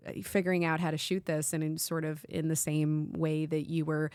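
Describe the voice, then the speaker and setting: A woman host in casual chat, telling stories in an animated way and acting out quotes in voices. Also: deep voice, normal speed, clean tone, no room sound, studio quality. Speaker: interview host.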